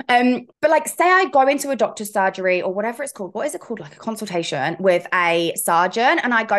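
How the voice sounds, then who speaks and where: On her solo coaching podcast, a fitness coach and host talks frankly and chattily, slipping into asides and playful swearing. Her mid-range voice is animated, brisk, and fairly bright. The feel is a casual solo chat.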